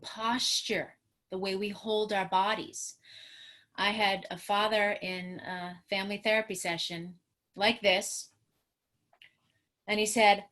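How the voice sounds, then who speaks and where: A woman's voice: medium pitch, steady tone, slow, a bit bright. A middle-aged woman from New York, a trauma therapist, giving an earnest teaching talk on a video call. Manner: earnest, teaching, talks with her hands. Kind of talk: educational webinar talk.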